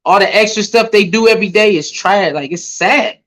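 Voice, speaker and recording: A man hosting a casual commentary rant, animated and mocking his critics with put-on voices. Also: high voice, fairly quick, rough recording. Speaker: commentary channel host.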